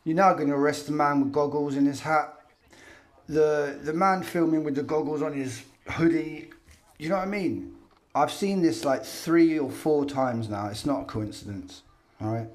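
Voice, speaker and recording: A man's voice: on the high side, normal speed. A man giving sarcastic, mocking commentary over video footage.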